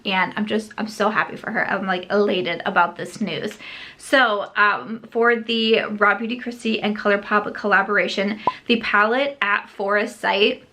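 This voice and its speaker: Bright, gushing woman beauty vlogger. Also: medium pitch. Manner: chatty, gushing and excitable; frequent filler "like" and self-corrections. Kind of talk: casual chat to camera.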